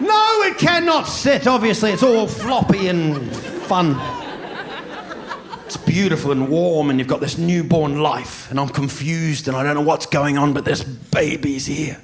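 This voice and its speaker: A male stand-up comedian telling a story on stage with an animated delivery and sudden loud shouts, recorded on a handheld mic. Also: fairly high pitch, a little slow. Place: comedy stage before a live audience. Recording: live show with crowd laughter and hum.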